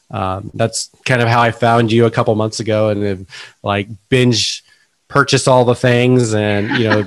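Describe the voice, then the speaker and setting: A man's voice: medium pitch, no room sound. An American man as a podcast guest, chatting casually in an eager, rambling way. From United States. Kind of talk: casual interview chat.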